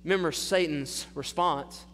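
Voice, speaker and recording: Male pastor with a high voice, earnest sermon delivery that swells on scripture, long hall reverb. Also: unhurried, fairly bright tone. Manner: earnest preaching, rising in force when quoting scripture.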